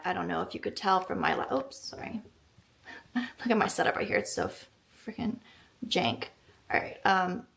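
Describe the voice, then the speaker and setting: A woman's voice: fairly low pitch, creaky, a bit bright. A woman talking to camera in a casual eating vlog, chatty and self-deprecating, with lots of filler words. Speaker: vlogger.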